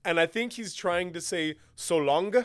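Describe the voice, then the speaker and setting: A man co-hosting a podcast, talking in an enthusiastic, animated way and laughing often. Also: high-pitched, a little slow, clear, resonant tone, no echo, clean studio sound. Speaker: podcast co-host. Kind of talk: casual chat.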